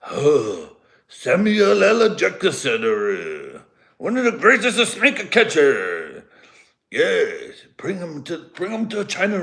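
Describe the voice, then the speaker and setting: A man putting on a halting old state leader with a put-on Japanese accent. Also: on the high side, vocal fry, a bit bright, voice pushed up, exaggerated voice. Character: older male head of state with a put-on accent. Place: home garage.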